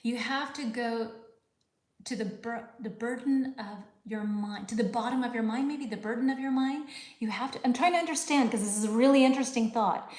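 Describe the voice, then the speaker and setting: A woman's voice: fairly high pitch, brisk, a little mellow, echoey room. A middle-aged woman hosting a live English lesson, chatting casually, thinking aloud and reading viewer comments. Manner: chatty, thinking aloud, frequent fillers and laughs.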